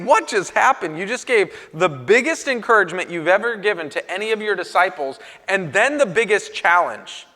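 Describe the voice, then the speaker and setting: A man, a pastor, giving an animated conference talk to church leaders and acting out quoted voices with sudden pitch jumps. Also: long reverb tail.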